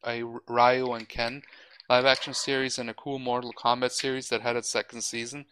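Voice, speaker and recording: A podcast host chats casually and rambles, airing strong opinions with plenty of restarts and occasional swearing. His mid-range voice is fairly bright, with little pitch movement and a moderate pace, on a low-quality recording with slight background noise.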